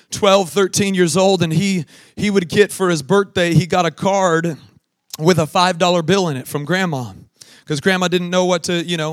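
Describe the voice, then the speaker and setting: Young male preacher, fairly high voice, dry close sound; moves from loud emphatic preaching to hushed storytelling, laughs at his own tales. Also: no echo. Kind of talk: sermon with a told childhood story.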